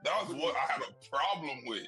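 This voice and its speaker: Male co-host, husky but bright tone, relaxed and amused, faint music bed. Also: fairly high pitch, brisk, low-quality recording. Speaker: podcast co-host. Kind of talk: casual chat.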